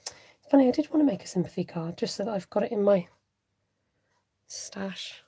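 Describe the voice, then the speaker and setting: A woman's voice: mid-range voice, expressive, moderate pace, dark tone, slightly rough, no echo. A woman hosting a live crafting stream, thinking aloud, humming and chatting with viewers.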